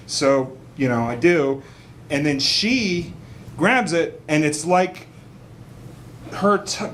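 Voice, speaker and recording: A man telling a comic story on a small cabaret stage, rambling and animated with many fillers and asides. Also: on the high side, slight background noise. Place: small cabaret stage before a live audience.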